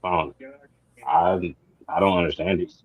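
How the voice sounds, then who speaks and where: A man's voice: deep voice, fairly even intonation, a little slow. A man on a talk-show panel, speaking hesitantly with many halts and restarts, sounding confused. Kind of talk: casual discussion. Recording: dull lo-fi sound.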